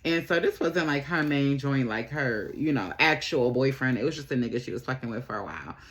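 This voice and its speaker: A young adult woman vlogger telling a casual storytime, animated and slangy, rambling with lots of fillers. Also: extremely low pitch, brisk. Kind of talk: casual storytime while getting ready.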